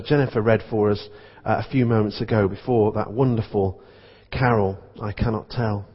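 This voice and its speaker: A man's voice: medium pitch, husky. A man serving as vicar, preaching a sermon in a conversational storytelling manner. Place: church. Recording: dull recording in echoey church.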